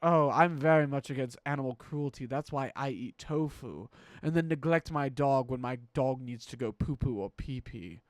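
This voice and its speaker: A man's voice: medium pitch, moderate pace, no echo, voice pushed down, close to an everyday voice. A man putting on the voice of a smug, self-satisfied American who eats tofu, with sneering, exaggerated mockery. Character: mocking smug American tofu eater, male adult.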